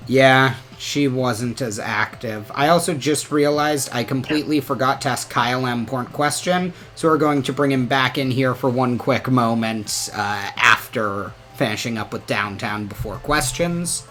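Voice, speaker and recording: A man hosting a livestream, talking in a halting, hesitant way. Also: medium pitch, fairly bright tone, soft background music. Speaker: livestream host. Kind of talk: casual livestream chat.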